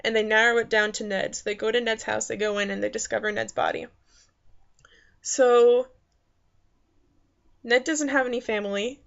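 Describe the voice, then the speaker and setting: A woman talks through a movie review in a loose, rambling way, full of fillers and restarts. Her voice sits a little high with a gravelly fry at the ends of phrases. The recording is dull and lo-fi. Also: steady tone, normal speed, pauses often, fairly bright tone. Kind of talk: casual spoken movie review. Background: faint background noises.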